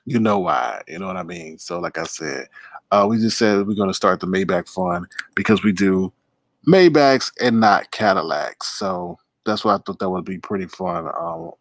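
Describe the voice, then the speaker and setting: A man's voice: low-pitched, very animated, normal speed, vocal fry, dry recording. A man hosting a casual livestream, talking loosely to his chat, repeating himself and greeting viewers. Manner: loose, repetitive, talks straight to chat. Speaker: livestream host.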